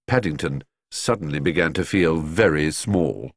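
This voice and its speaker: A man narrating a children's storybook with a low, slightly husky voice and a very lively, expressive melody. The recording is dry and close. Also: moderate pace, no echo. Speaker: audiobook narrator.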